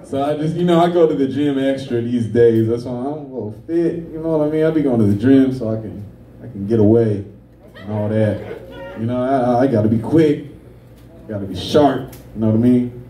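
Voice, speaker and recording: A man's voice: medium pitch, a little fast, dark tone, echoey room, recorded from a distance, slight background noise. A man doing a brash, profane stand-up comedy set, telling stories. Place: comedy club stage.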